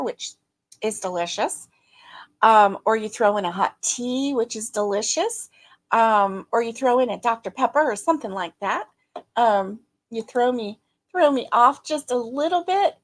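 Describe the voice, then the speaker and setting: A middle-aged woman hosting a casual live stream, greeting viewers by name, chatty and quick to laugh, her throat a little strained. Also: fairly high pitch. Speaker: livestream host.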